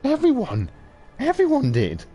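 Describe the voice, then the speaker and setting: A man's voice: very high voice, wildly swooping pitch, unhurried, dark tone, husky, soft background music, pitched above the performer's own voice, full character voice. A man voicing a terrified male informant who screams and howls frantically while being tortured in a video game read-through. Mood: shrieking. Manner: howling, frantic. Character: panicked male informant under torture, shrieking.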